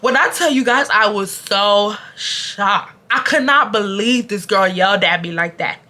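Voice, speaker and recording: A woman in her twenties from Houston, Texas, telling an animated, blunt storytime on her vlog. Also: medium pitch, measured pace. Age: 20s. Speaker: vlogger.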